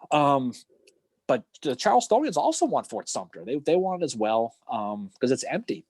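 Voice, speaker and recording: Animated husky-voiced man telling history. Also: medium pitch, moderate pace, no echo. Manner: animated storytelling with acted-out quotes and swearing. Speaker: podcast co-host. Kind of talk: casual history podcast chat.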